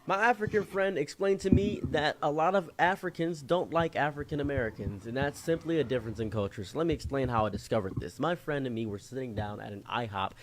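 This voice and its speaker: A man telling a personal anecdote in an animated way, acting out the people he quotes. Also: mid-range voice, quick pace, hardly any pauses, background noise. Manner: animated, acts out quoted voices. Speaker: storyteller in a clip. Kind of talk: anecdotal storytelling.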